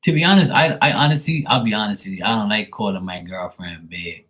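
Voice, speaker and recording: A man's voice: lowish voice, fairly quick, a bit bright. Profane joking man in his forties. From Bermuda. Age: 40s. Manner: profane, joking, acts out both sides of phone calls. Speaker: tarot reading livestream host. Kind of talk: casual rant.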